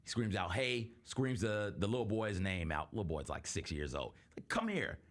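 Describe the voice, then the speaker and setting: Speaking at a normal speed in a low voice, this young man hosts a laid-back sports talk show. He tells his stories with earnestness and performs the voices of anyone he quotes.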